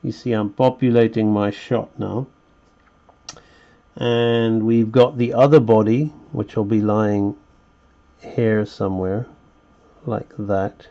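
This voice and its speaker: A man's voice: mid-range voice, steady tone, slow, warm tone, lo-fi sound. A man teaching a live drawing lesson, rambling and chatty and thinking aloud as he sketches, heard through a webcam microphone. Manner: rambling, chatty, talks to himself while sketching. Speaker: animation teacher.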